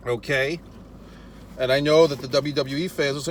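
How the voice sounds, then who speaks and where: A man's voice: mid-range voice, steady tone, normal speed, a little hiss or hum. A man ranting casually to his viewers while he eats, swearing often and talking in wry, rambling asides. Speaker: vlogger. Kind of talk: casual eating vlog rant. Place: in a car.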